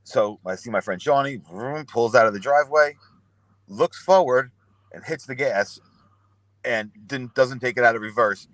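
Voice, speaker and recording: A man's voice: mid-range voice, normal speed, a bit bright, dry recording. A young man telling rambling, profane stories and acting out what people said. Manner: profane, rambling anecdotes with acted-out quotes. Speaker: podcast guest. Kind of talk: casual storytelling.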